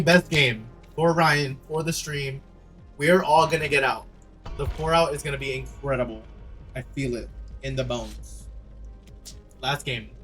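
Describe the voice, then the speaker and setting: A young man streams a game and reacts with sassy, dramatic chatter. His voice sits high and swings all over the place. Faint music plays underneath. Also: a bit bright. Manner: dramatic, sassy, shrieking and laughing. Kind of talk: gaming livestream commentary.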